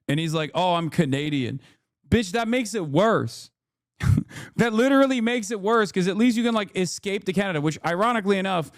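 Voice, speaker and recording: A man's voice: fairly high pitch, no room sound, clean studio sound. A man reacting to clips on a stream, ranting in a profane, sarcastic way. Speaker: political streamer.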